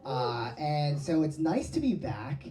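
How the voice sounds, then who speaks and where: A woman's voice: low-pitched, big pitch swings, takes it slowly, background noise. A woman hosting a live comedy show, chatty and giggling as she introduces the next act. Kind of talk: casual stage introduction. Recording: echoey, distant mic in a live room.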